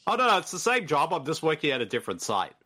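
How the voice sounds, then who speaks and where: A man's voice: on the high side, huge pitch swings, fast talker, sharp tone, breathy edge. A man co-hosting a casual watch-along podcast, joking and swearing as he comments. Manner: joking, swearing, laughing often. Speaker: podcast co-host.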